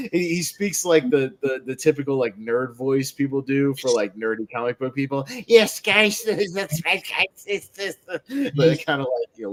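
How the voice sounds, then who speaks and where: Laughing man recapping a movie. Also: medium pitch. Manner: rambling recap with frequent laughs. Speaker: podcast panelist. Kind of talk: casual movie podcast chat.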